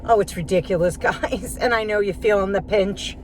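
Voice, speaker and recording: A woman's voice: mid-range voice, normal speed, slight background noise. A woman ranting sarcastically to her viewers on a phone vlog while she runs errands and then cooks at home. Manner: sarcastic, chatty, talks to viewers as friends. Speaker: vlogger. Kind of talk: casual vlog rant. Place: car and grocery store, then home kitchen.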